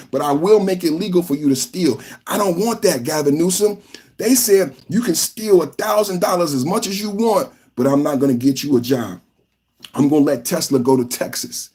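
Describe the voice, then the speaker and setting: A podcast host from California, giving live reaction commentary in an emphatic, repetitive rant. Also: male voice, fairly high pitch, moderate pace, a little mellow.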